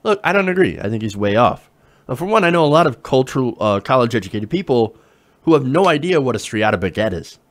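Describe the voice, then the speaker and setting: A man's voice: mid-range voice, sing-song, fast talker. A man hosting political commentary, reading an op-ed aloud and mocking it with sarcasm, profanity and laughter.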